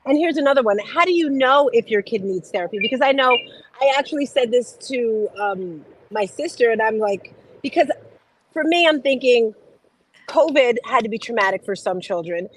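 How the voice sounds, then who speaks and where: A woman's voice: on the high side, lively intonation, moderate pace, slight background noise, poor audio. A woman hosting an interview, chatty and exclamatory as she asks her guest questions. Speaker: host. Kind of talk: casual interview talk.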